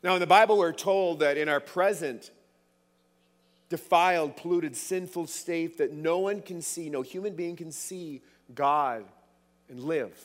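A man's voice: on the high side, unhurried, long reverb tail. A man preaching a sermon, emphatic, repeating words for stress.

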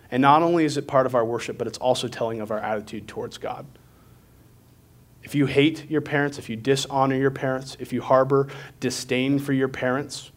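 A young man preaching a sermon in a conversational, candid way, with self-deprecating asides. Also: mid-range voice.

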